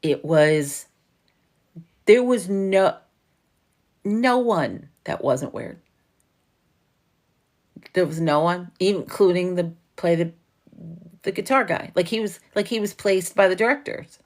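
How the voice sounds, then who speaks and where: A woman's voice: lowish voice, lively intonation, takes it slowly, pauses often, a little mellow. A woman from New York with a New York accent, hosting a casual livestream chat and telling a story full of swearing and laughter. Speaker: livestream host.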